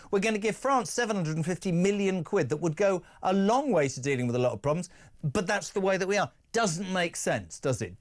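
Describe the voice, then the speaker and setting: A man, hosting a talk radio show with brash, teasing, sarcastic banter. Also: sits high. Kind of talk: lively opinionated talk radio.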